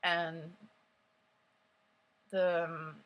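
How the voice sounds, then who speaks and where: A woman's voice: on the low side, drawn-out words, muffled recording. A young woman telling a story vlog-style, rambling with lots of "like" fillers and getting emotional as she recounts. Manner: emotional and animated while recounting. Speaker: vlogger.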